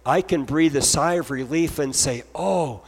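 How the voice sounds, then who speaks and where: A man's voice: fairly high pitch, moderate pace, big-room sound. A man preaching an earnest sermon as pastor, moving from scripture into heartfelt spoken prayer.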